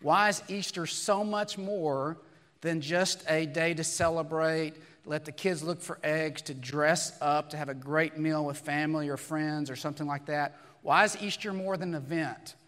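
A man preaching a sermon to his church congregation. He is hoarse and raspy from losing his voice, talks conversationally, and asks many rhetorical questions. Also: fairly high pitch, fairly even intonation, moderate pace, fairly bright tone, big-room sound. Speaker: pastor. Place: church sanctuary.

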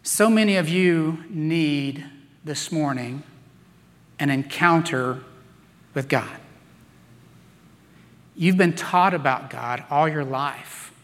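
Slow bright-voiced preacher in a reverberant hall. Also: male voice, fairly high pitch. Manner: storytelling with playful acted-out voices. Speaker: pastor. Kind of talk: sermon. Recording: long reverb of a large hall.

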